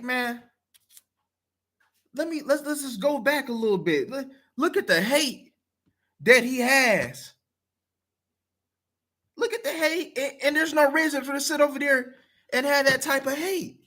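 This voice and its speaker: A man talks straight to his audience, blunt and profane. His voice is bright and lively, with pitch that swings widely as he presses each point. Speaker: video commenter. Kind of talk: casual talk to camera.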